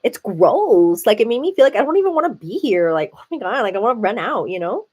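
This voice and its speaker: A woman's voice: a little high, quick pace, slightly rough. A woman hosting a live stream, telling a story in a casual, chatty way full of "like" and "you know". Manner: chatty, animated, heavy use of "like". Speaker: livestream host. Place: at home, seated.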